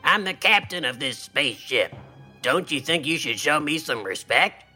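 A man voicing a cocky, boastful male spaceship captain who gloats and shouts, then pouts when he is ordered to bed. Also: a little high, lively intonation, normal speed, husky, soft background music, heavily acted. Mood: gloating, shouting.

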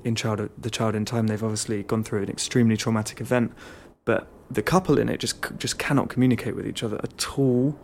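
A young man hosting a podcast, talking through his thoughts on novels in a casual, rambling way, often correcting himself mid-sentence. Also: medium pitch. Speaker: podcast host. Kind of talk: casual book review monologue.

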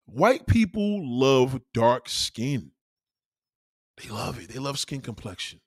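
A man's voice: medium pitch, big pitch swings, slow pace, no room sound, studio quality. A man doing a profane stand-up comedy routine on a club stage, acting out the voices he quotes.

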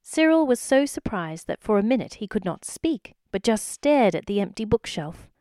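A woman's voice: medium pitch, very animated, normal speed, mellow, no room sound, studio quality. A woman reading a children's story aloud expressively, speaking directly to the listener.

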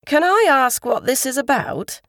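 A woman's voice: sits high, sing-song, moderate pace, a bit bright, no echo, studio quality, voice pushed up. A woman voicing a flustered, polite husband who talks hesitantly and apologetically.

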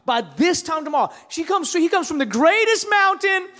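High-voiced animated preacher man. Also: normal speed, long reverb tail. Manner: storytelling with wide swings between loud shouts and hushed asides. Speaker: pastor. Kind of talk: sermon.

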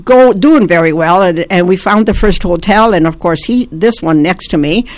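A woman's voice: lowish voice, moderate pace. Older Italian-born woman telling family stories. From Italy. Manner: rambling, self-interrupting storyteller. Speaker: guest, host's mother. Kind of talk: casual family storytelling.

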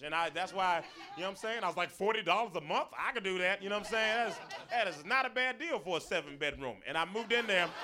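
A man's voice: high-pitched, sharp tone. A young man doing a stand-up comedy set, telling self-mocking stories with lots of asides to the crowd.

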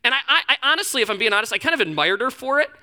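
A man's voice: very high-pitched, sing-song, rapid-fire, sharp tone. A man giving a sermon as a pastor in his church, talking conversationally with lots of fillers and stories. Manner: conversational, storytelling, frequent fillers.

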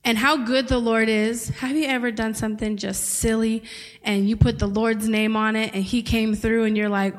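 Woman preacher, chatty sermon delivery that jokes with the congregation, voice on the higher side. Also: level tone, normal speed. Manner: conversational and playful, laughing with the congregation. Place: church service.

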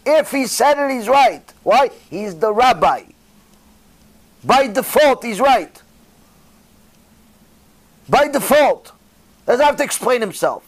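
A man's voice: very high voice, slow, long pauses. A man giving a sermon as a rabbi, preaching directly to his listeners and acting out little dialogues as he goes. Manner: animated storytelling, acting out dialogue in different voices.

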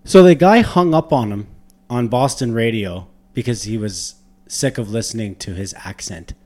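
A man hosting a casual hockey podcast, talking loosely and swearing, his voice jumping up when he gets worked up. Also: moderate pace. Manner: animated, swearing, rises in pitch when worked up. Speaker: podcast host. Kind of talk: casual sports chat.

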